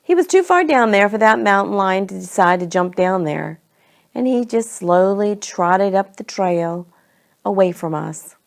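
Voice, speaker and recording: A woman telling a homey family story in an unhurried, conversational way. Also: medium pitch, expressive, gravelly. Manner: homey, unhurried, slips between we and they. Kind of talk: storytelling to children.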